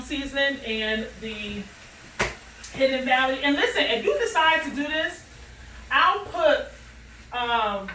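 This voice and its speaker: A woman's voice: a little high, bright, forceful tone, slight background noise. A woman cooking in her home kitchen and chatting playfully with viewers. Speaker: cooking vlogger. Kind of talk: casual cooking chat. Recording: echoey kitchen, mic at a distance, music behind.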